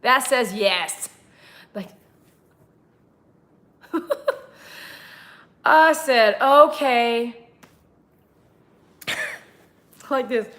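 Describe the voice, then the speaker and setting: A high-voiced woman tells a story on a casual livestream. She laughs a lot and jumps her voice up to act out the dialogue. Her tone is bright and forceful. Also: drawn-out words, pauses often. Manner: animated, laughing, acts out dialogue with big pitch jumps. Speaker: pet groomer telling a story to viewers.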